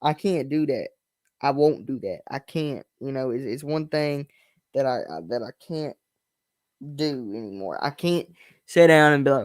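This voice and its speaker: A man's voice: on the high side, animated, normal speed, pauses often, no echo, studio quality. A young man hosting his own show, talking in a blunt, emphatic way, swearing freely and often restarting his words. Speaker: host. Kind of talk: casual personal monologue.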